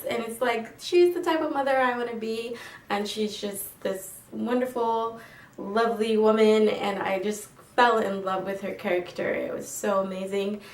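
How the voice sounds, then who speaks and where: A young woman talks through a film review, gushing and full of fillers. Her voice sits a little away from the mic, and the room around her rings with echo. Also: medium pitch. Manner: gushing, chatty, many fillers. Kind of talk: casual film review vlog. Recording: roomy, mic at a distance.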